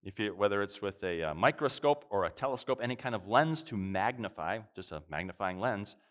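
A man preaching a sermon in an animated, emphatic way, with quick asides and bursts of loud exclamation. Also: on the low side.

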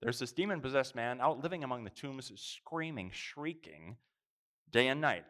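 A man's voice: mid-range voice, expressive, moderate pace, fairly bright tone. A man preaching a sermon, reading scripture aloud and stretching out key words for emphasis.

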